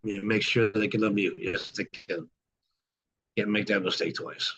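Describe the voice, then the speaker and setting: Slightly rough and a bit bright, this middle-aged man's lowish voice holds a steady tone at normal speed. He hosts a podcast over a group video call on a computer mic, the lo-fi audio dull, enthusiastically and folksily repeating welcomes to newcomers.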